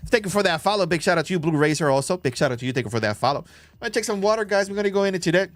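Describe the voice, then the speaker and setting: A man hosting a crypto livestream, talking excitably and swearing as he gives rapid shout-outs to viewers, recorded on a phone. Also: on the high side, dry recording. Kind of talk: casual livestream chat.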